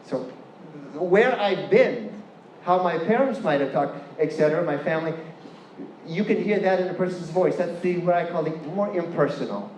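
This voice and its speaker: A guest lecturer with a Californian accent gives a playful, chatty university lecture, quizzing the audience. His voice is high-pitched and darkish at a normal speed. The echoey lecture hall adds faint ambience, with a little hiss or hum.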